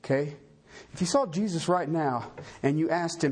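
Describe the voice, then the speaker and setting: A man preaching with a husky, fairly high voice. His pitch swings widely as he jokes at his own expense and fires rhetorical questions at the room. The delivery is folksy and conversational. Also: expressive, normal speed, a little mellow. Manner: folksy, self-deprecating humor with rhetorical questions. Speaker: pastor. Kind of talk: sermon.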